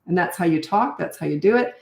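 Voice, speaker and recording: Animated and quick, an older woman with a fairly low, slightly mellow voice and some vocal fry coaches parents casually. Blunt and no-nonsense, she frequently acts out lines from parents and kids, recorded with a roomy sound.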